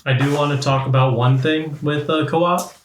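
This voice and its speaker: A man's voice: on the high side, normal speed, roomy sound, far from the mic, slight background noise. A man co-hosting a game podcast, telling stories animatedly in casual chat. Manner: animated, acts out quoted exchanges. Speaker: podcast co-host.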